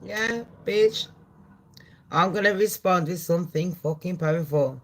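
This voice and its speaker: Woman doing an outraged, shouting billionaire. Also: fairly low pitch, unhurried, very noisy, lightly acted. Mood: defiant. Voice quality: shouting, profane.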